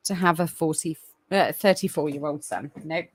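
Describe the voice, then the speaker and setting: A woman's voice: low voice, normal speed, darkish tone, breathy edge. A woman hosting a casual live stream, chatty and apologetic, with lots of ums and restarts. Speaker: livestream host.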